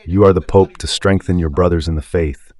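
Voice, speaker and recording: A man with an Italian accent preaches on the radio in a deep, darkish voice, steady in tone and a little fast. His religious commentary is impassioned, emphatic and rhetorical, punctuated by questions asking whether listeners understand.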